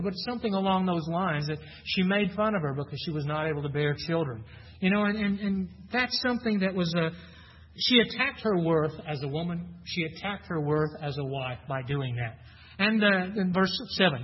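A man's voice: sits high, breathy edge. A man preaching a sermon, teaching through a Bible passage in a conversational way, often asking his listeners questions and repeating himself. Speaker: pastor. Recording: dull lo-fi recording with long hall reverb.

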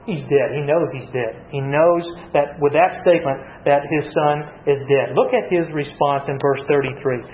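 Male Bible teacher, high-ish voice, dramatic scripture reading, muffled recording. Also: normal speed, hardly any pauses, reverberant, slight background noise. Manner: reads scripture aloud with dramatic emphasis, repeats words. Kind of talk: Bible study teaching with class questions.

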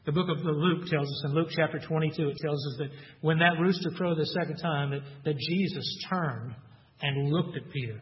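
High-voiced Texan preacher in a reverberant hall. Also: male voice, dull audio. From Texas. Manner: earnest, acts out quoted lines with rising emphasis. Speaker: pastor. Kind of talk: sermon.

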